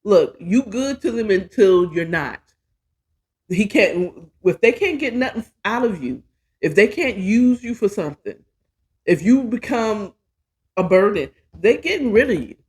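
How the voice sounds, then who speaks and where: A woman's voice: mid-range voice, big pitch swings, measured pace, a little mellow. Chatty, candid woman telling her story. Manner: candid, profane, chatty and self-mocking. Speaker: podcast host. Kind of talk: casual personal storytelling monologue.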